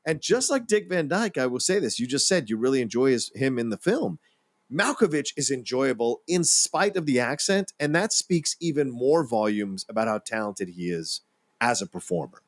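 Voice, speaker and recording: A man co-hosting a film podcast who chats in an animated, rambling way. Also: medium pitch, dry recording. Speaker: podcast co-host. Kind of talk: casual film discussion.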